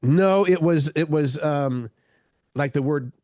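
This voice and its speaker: A man's voice: fairly high pitch, slow pace, darkish tone, no echo, clean studio sound. A man co-hosting a morning show, chatting casually and searching for his words as he rambles along. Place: radio studio.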